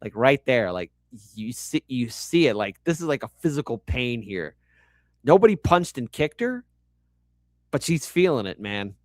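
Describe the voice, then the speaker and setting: A man's voice: medium pitch, moderate pace, no echo. Guy doing reaction commentary, sarcastic and worked up, swears a lot, dry close mic. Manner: animated, sarcastic, swearing, many fillers. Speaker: commentary host.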